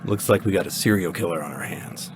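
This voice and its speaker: A man's voice: low-pitched, quick pace, background noise, lightly acted. An actor playing a male actor in a hard-boiled cop role, with tough-guy delivery. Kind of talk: audio drama acting.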